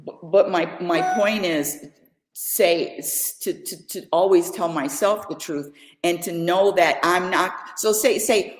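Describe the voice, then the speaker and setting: An older woman telling stories in a casual chat, joking and animated, often repeating her words. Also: fairly low pitch, moderate pace. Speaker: podcast co-host, mother. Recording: echoey room.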